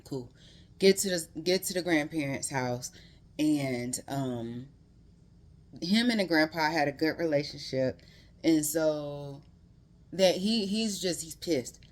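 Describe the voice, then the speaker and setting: Brief: woman, 30s, low-pitched, casual book recap, heated emphatic delivery. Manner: emphatic, heated storytelling that rises in pitch when worked up; conversational, addresses viewers directly. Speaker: book reviewer.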